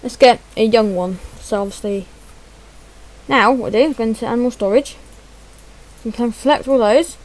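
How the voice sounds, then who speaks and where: A woman's voice: fairly high pitch, normal speed, long pauses, a little mellow, rough recording. A woman giving chatty, self-deprecating gameplay commentary, muttering to herself as she fumbles through menus. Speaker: gaming channel host.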